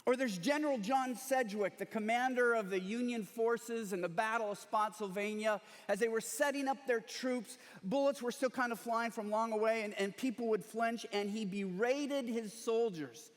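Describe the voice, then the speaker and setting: A man's voice: high-pitched, moderate pace, big-room sound. A male pastor preaching a sermon, telling anecdotes with touches of humor in a storytelling manner. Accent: Texan. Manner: storytelling with humor and quoted last words. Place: large church sanctuary.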